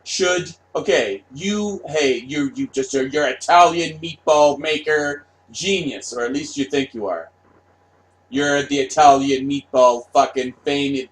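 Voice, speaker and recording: A man's voice: mid-range voice, normal speed. Brief: a man ranting on camera, sarcastic and crude, repeating words over and over. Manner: profane, repetitive, sarcastic. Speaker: vlogger. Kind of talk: casual rant.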